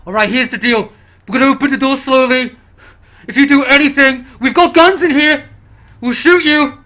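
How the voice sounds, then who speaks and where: A man doing a frantic armed doctor. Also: moderate pace. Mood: tense, threatening. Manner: shouting, high-pitched, jittery. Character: distraught male doctor holding survivors at gunpoint.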